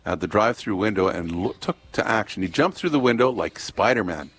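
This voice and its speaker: A man's voice: fairly low pitch, animated, fairly quick, fairly bright tone, slightly rough. A man co-hosting a talk show, reading out news items and joking around in casual chat. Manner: rambling, joking, reading news stories aloud. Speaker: radio co-host.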